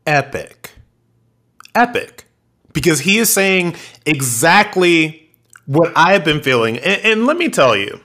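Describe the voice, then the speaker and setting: A man hosting a podcast, giving animated, rambling political commentary with many restarts. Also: mid-range voice. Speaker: podcast host.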